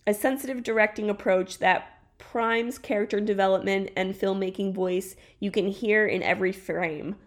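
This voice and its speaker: Woman cohost on a zoom call reading a review out loud, trips on words, laughs a lot. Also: mid-range voice, fairly even intonation, normal speed, hardly any pauses. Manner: stumbles and restarts while reading, laughs easily. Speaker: podcast co-host. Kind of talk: casual chat, reading a review aloud. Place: home, on a video call. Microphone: video call.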